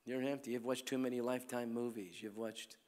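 Speaking at medium pitch in a level tone and at a fairly quick clip, a man preaches at a healing crusade as an evangelist. He tells stories and alternates between loud calls to the crowd and hushed lines, all in a long reverberant hall.

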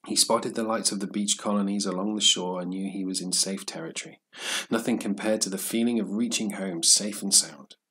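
A man reading a story aloud in a steady, measured narration for English learners. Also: low-pitched, breathy edge.

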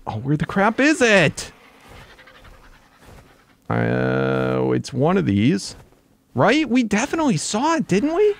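Young guy yelling through a survival game, gravelly voice, big swings up and down. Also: high voice, takes it slowly, long pauses. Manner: excitable, yelps and groans at in-game mishaps. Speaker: gaming YouTuber. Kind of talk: let's play commentary.

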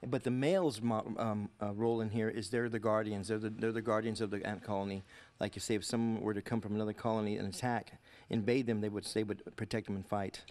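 A man's voice: fairly low pitch, fairly even intonation, quick pace, few pauses, darkish tone. A man who guides tours at a bug museum, explaining insects with enthusiasm on live TV.

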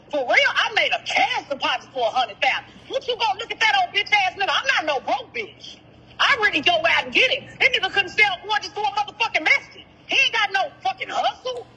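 A woman calls in to an interview and tells her story bluntly, with plenty of profanity. Her voice sits high and sounds sharp and bright, and she acts out what other people said. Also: poor audio. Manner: blunt, profane, animated storytelling with quoted dialogue. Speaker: caller, sister of the rapper discussed. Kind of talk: phone-in interview, heated storytelling.

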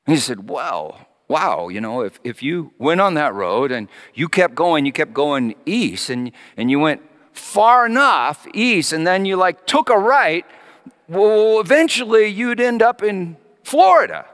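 A middle-aged man preaching with a lively, swooping delivery that climbs high when he acts out his excited kids. His voice sits higher than most men's. He tells the story as a sermon, moving between playful voices and quiet reflection. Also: measured pace, in a large hall. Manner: animated, acting out his children's voices. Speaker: pastor.

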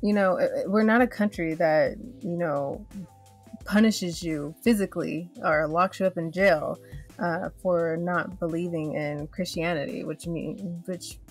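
A woman hosting a casual conversation, speaking in a thoughtful, measured way with some fillers. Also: lowish voice, soft background music. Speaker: host.

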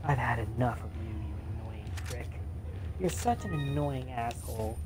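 A woman doing let's play commentary, frustrated, cursing and shouting at the game. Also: extremely low pitch, normal speed. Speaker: gamer. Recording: noisy background ambience.

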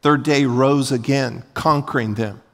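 A man preaching a sermon as pastor, moving from calm teaching to loud, fervent preaching. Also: mid-range voice, unhurried, in a large hall. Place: church sanctuary.

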